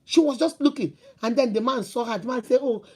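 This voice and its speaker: Animated woman giving advice. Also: a little high, brisk, slightly rough. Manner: animated storytelling, rhetorical questions, emphatic repetition. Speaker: host giving relationship advice. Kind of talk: casual advice talk to viewers.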